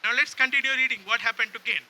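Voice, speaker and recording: Pastor guy, super bright tense voice, preaching call and response style, keeps asking how many understand. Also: very high-pitched, steady tone, fast. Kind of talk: sermon.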